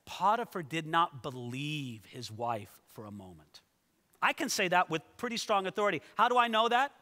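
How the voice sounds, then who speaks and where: A male pastor preaching a sermon in a lively way, speaking directly to his listeners. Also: on the high side, moderate pace, big-room sound. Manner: animated, talks straight to listeners. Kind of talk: expository sermon.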